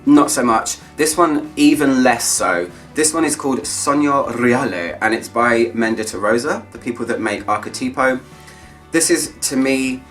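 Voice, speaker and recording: A man's voice: mid-range voice, bright, forceful tone, far from the mic. A man reviewing perfumes in a casual, enthusiastic chat, drawing out his descriptive words. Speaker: fragrance reviewer.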